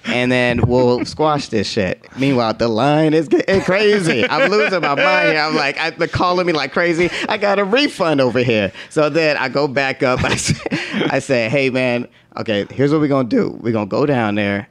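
Animated man telling a story. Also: medium pitch, brisk. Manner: animated, laughs often, acts out quotes; profane slang-heavy talk. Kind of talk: casual storytelling.

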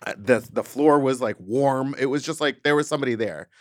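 A man co-hosting a podcast, telling a story in casual chat, full of "like" and animated retelling, into a studio mic. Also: mid-range voice, brisk, dry recording. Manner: chatty, peppered with "like", animated retelling. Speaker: podcast co-host.

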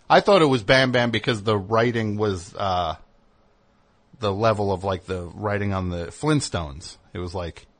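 A man hosting a comedy talk show, rambling through a bit with many fillers and quick mock voices. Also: fairly low pitch, fairly bright tone. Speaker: radio show host.

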